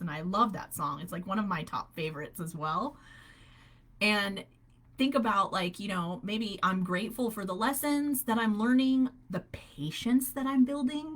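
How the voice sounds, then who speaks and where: Animated woman coaching with upbeat conviction. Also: medium pitch. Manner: animated, upbeat, laughs often. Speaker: holistic health coach. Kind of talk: live faith-based coaching call.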